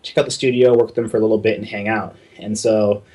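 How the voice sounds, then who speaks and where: A young man from Southern California with a husky, low voice. He tells his story loosely and casually, swearing freely. His delivery is relaxed and conversational. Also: fast. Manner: casual, profane, acts out quoted dialogue in his telling. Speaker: guest concept artist.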